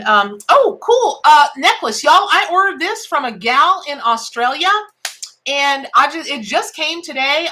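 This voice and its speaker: A woman's voice: high voice, sharp tone. A middle-aged woman, hosting a casual live-stream tarot reading in a chatty, exclamatory, folksy way.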